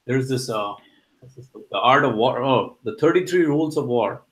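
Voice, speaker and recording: A man's voice: mid-range voice, expressive, normal speed, fairly bright tone, poor audio. A man chatting as a podcast guest, earnest and hesitant, with many uhs. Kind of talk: casual chat.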